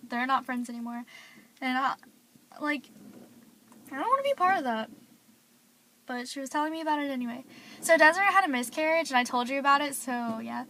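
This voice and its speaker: A woman's voice: sits high, brisk, pauses often, pushed and bright, slight background noise. A teenage girl vlogging, rambling through gossip with lots of fillers. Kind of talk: casual gossip vlog.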